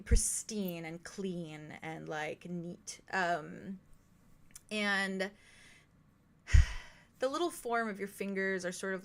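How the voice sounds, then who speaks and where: A woman's voice: lowish voice, fairly bright tone. A young woman narrating a tabletop role-playing game as game master, hesitant and full of fillers.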